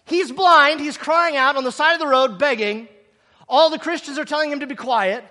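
High-pitched guy preaching, acts out the story, bit snarky, echoey hall. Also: normal speed. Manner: animated, acts out quotes, sarcastic asides. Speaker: pastor. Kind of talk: sermon.

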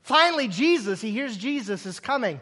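A man preaching a sermon in an animated way, acting out the scenes he tells and dropping sarcastic asides. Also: very high voice, brisk, in a large hall. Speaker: pastor.

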